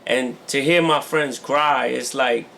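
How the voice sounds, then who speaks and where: Male co-host, gravelly voice, earnest casual delivery, light background noise. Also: medium pitch, steady tone, slow pace, a bit bright. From New York. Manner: earnest, peppers talk with "man" and "you know". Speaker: podcast co-host. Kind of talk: casual chat.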